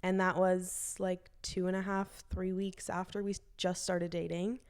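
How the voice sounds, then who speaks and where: A young woman in her early twenties chats as a podcast guest. Her voice sits a bit low and stays smooth and clean. She tells stories in a loose, filler-heavy way and acts out the dialogue. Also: level tone, moderate pace, darkish tone. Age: early 20s. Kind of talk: casual storytelling.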